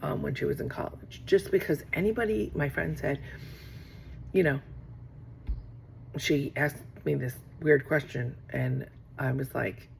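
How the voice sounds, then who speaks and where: A woman's voice: low-pitched, unhurried, vocal fry, pauses often, a little hiss or hum. A middle-aged woman talking casually to camera from her office, rambling and acting out conversations she has had. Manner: rambling, acts out quoted exchanges. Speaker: vlogger.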